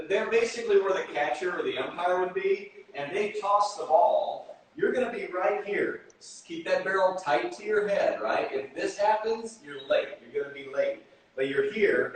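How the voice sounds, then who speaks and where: Energetic coach, echoey and far from the mic. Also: male voice, sits high. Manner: energetic, talks to viewers directly. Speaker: baseball hitting coach, host. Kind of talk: live online hitting clinic. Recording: echoey room, distant from the mic.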